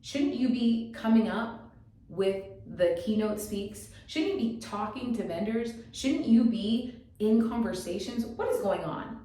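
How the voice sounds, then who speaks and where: A woman voicing her own future self, a bossy woman scolding her with rapid-fire questions. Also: a little high, dark tone, close to an everyday voice. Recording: very echoey room, distant mic.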